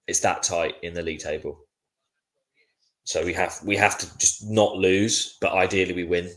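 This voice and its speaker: Weary, deep-voiced man reacting live. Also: fairly even intonation, moderate pace, fairly bright tone. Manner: frustrated, weary, chatty with viewers. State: sleepy, yawning. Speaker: watchalong host. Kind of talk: casual live match reaction.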